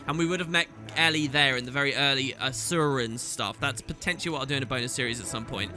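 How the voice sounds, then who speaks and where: Chatty man with a bright voice. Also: medium pitch, fast talker, few pauses, faint music behind. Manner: chatty, reads game lines in put-on voices. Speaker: gaming YouTuber. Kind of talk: let's play commentary.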